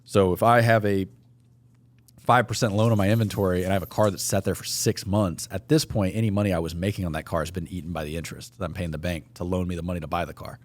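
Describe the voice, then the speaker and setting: Fast-talking deep-voiced man. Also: steady tone. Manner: explains with profanity, plain and matter-of-fact. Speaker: podcast co-host. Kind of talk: casual chat.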